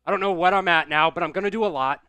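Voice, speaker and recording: High, bright-voiced fan man. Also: very fast, clear, resonant tone, no echo, soft background music. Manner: rowdy, chanting and yelling in celebration. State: out of breath from squats. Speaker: live stream sports host. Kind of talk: excited fan play-by-play on a live stream.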